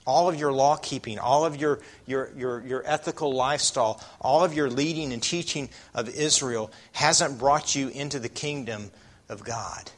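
A man's voice: mid-range voice, normal speed. A man preaching a sermon, often putting rhetorical questions to his listeners.

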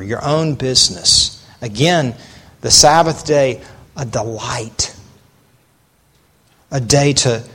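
A man's voice: mid-range voice, fairly bright tone, slightly rough. A middle-aged man preaching a sermon in a conversational way, asking rhetorical questions and often restarting his sentences. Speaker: pastor.

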